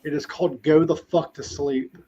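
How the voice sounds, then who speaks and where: A man's voice: fairly high pitch, steady tone, moderate pace, warm tone, slightly rough. A man co-hosting a podcast, chatting casually with crude jokes. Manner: crude, laughing. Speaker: podcast co-host. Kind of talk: casual chat. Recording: dull lo-fi sound.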